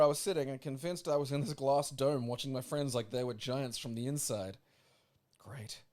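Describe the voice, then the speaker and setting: A man's voice: medium pitch, darkish tone. A young Australian man hosting a podcast, reading listener letters aloud and breaking off into sweary joking asides. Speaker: podcast host.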